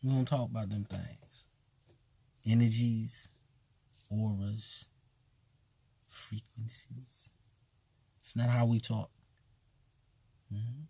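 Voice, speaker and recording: A man's voice: lowish voice, steady tone, slow, gravelly, long pauses, warm tone, slightly rough, no echo. A man who teaches at a voodoo temple, talking bluntly and casually with emphatic repetition. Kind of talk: casual spoken commentary.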